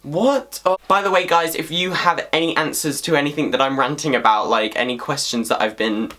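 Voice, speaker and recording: A man ranting casually to camera as a vlogger, swearing freely in an animated, exasperated way. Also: mid-range voice, a little fast.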